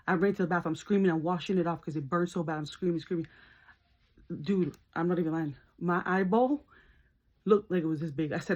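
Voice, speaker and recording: The audio is dull as this adult woman, a nurse and beauty vlogger, talks fairly quickly while applying makeup. Her storytelling is casual and lively, full of laughter, with high-pitched screams during the retold bits.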